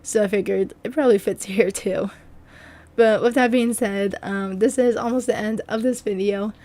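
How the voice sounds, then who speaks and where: Young woman kinda hoarse, chatty rambly game voiceover. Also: mid-range voice, fairly even intonation, moderate pace, warm tone. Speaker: video game building creator. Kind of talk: casual voice-over commentary.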